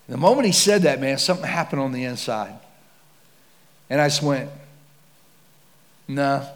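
A man preaching with dramatic storytelling, swinging from hushed to loud and excited. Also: medium pitch. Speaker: pastor. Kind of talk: sermon storytelling. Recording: long hall reverb.

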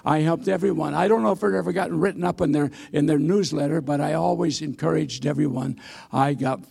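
Gravelly-voiced older man preaching. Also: a little high, steady tone, brisk, darkish tone. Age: 80s. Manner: folksy, self-deprecating storytelling with hesitations. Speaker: missionary preacher. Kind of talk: sermon with humorous stories. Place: church sanctuary.

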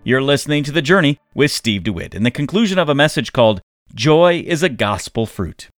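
A man reading a scripted program outro as a radio announcer, measured and smooth. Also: mid-range voice, very animated, dry recording. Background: soft music.

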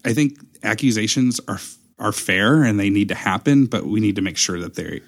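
A man's voice: on the low side, normal speed. A young man telling a story in casual chat, acting out the quotes as he goes. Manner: animated storyteller, acts out quotes.

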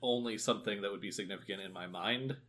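A man co-hosting a book podcast in casual chat, speaking in a wordy, wry, measured way. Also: lowish voice, a bit bright, slight background noise. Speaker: podcast co-host.

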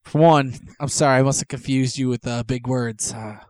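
A man's voice: mid-range voice, steady tone, moderate pace, darkish tone, clean tone, no room sound. A man co-hosting a podcast in casual comedic banter, stammering, laughing and sounding incredulous. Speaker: podcast co-host.

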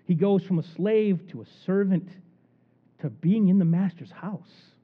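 A man preaching a sermon in an animated storytelling manner, acting out the people in the story. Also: high voice, measured pace, husky. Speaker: pastor. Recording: tinny phone-like recording.

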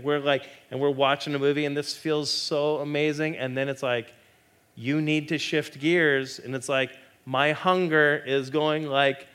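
Bright-voiced joking male pastor. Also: on the high side, normal speed, smooth. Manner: animated, joking, acts out quoted voices. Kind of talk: sermon. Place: church.

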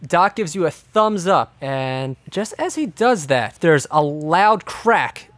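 Man, game master, tabletop narration, lively storytelling, higher voice, dry sound. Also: slow, no room sound.

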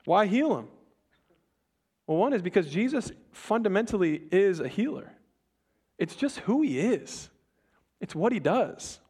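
Man, young adult, pastor, high-pitched, conversational sermon, animated, self-interrupting. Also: unhurried, pauses often, breathy edge. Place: church before a congregation.

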